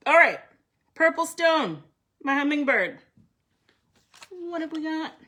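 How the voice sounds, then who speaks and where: A woman's voice: high voice, very animated, takes it slowly, pauses often, a bit bright. Blunt, foul-mouthed woman reading tarot live. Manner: blunt, profane, emphatic; chatty, addresses viewers by name. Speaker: tarot card reader.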